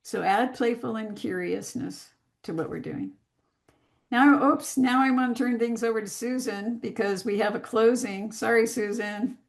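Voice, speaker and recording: Gravelly-voiced woman teaching unhurriedly. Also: on the high side. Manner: unhurried, deliberate with pauses. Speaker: master class teacher. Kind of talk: live online class talk. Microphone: video call.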